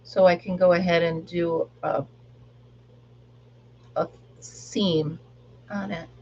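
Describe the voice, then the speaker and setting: A woman's voice: lowish voice, fairly even intonation, slow, muffled recording, a little hiss or hum. A middle-aged woman chatting casually on a live stream while she crafts, laughing often and rambling about her day. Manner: chatty, laughs often, sings along softly. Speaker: livestream crafter.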